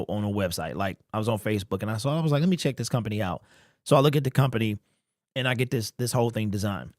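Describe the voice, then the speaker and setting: A man's voice: mid-range voice, dry recording, studio quality. A man hosting a casual fan live stream, greeting chat members by name in loose, slangy talk.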